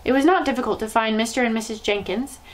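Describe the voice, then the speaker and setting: A woman storyteller reading a children's novel aloud in an expressive, lively way. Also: fairly high pitch, quick pace, poor audio.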